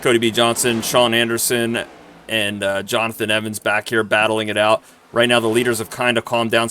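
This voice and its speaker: A man giving live commentary on a sim racing broadcast, excitable and quick to exclaim at close racing. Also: medium pitch, slight background noise.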